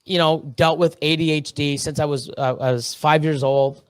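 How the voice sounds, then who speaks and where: A man from Canada in his thirties, a podcast guest in casual chat, excitable and rambling, swearing often with lots of fillers and restarts. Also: a little high, moderate pace, smooth, dry recording.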